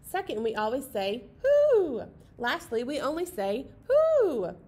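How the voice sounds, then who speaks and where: Woman putting on a high, lively, bossy little boy owl, loud hoots, storybook read-aloud. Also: slow, heavily acted. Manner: lecturing, emphatic hoots. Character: bossy big brother owl, young male. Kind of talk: picture-book read-aloud.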